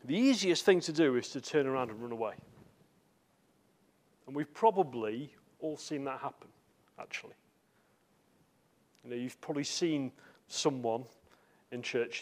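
A man preaching a sermon, telling a story with acted quotes and many repeated words. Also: medium pitch. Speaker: visiting preacher.

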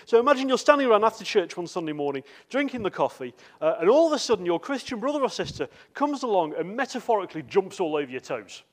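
A man's voice: high-pitched, sing-song, fast, hardly any pauses. A man preaching in a church with a slightly raised voice. He speaks in a loose, chatty way, full of asides and little fillers as he addresses the congregation. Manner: conversational, with frequent fillers and asides. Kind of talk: sermon.

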